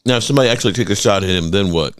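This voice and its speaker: A man's voice: lowish voice, racing, no room sound. A man hosting a live sports reaction stream, laughing often and mockingly repeating clips.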